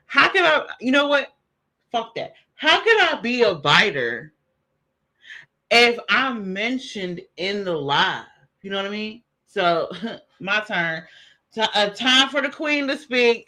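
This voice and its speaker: High bright voiced guy streaming, slow laid-back slangy chatter. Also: expressive. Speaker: streamer reviewing a live stream. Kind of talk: casual live-stream commentary.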